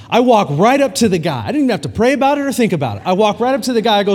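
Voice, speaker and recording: A male pastor preaching a sermon to a congregation, telling a story with lively acted-out dialogue. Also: high-pitched, quick pace. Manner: animated storytelling preacher, acts out quoted dialogue. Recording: long hall reverb.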